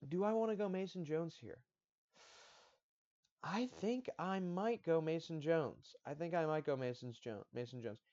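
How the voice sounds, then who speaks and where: A man talks through fight picks in a loose, rambling way, breaking off mid-thought and circling back to repeat himself. His voice sits at an ordinary middle pitch. The audio is dull and lo-fi, lacking crispness. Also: a little mellow. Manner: rambling, self-interrupting, slangy. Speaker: MMA fight predictions host. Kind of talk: casual solo commentary.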